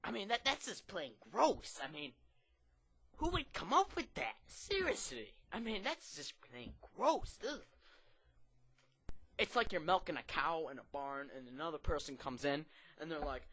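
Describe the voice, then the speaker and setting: Guy doing standup, rambling and hyped, pitch bouncing all over, bright kinda sharp voice. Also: normal speed. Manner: rambling and excitable, with filler-heavy restarts. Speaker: stand-up comedian. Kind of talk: stand-up routine.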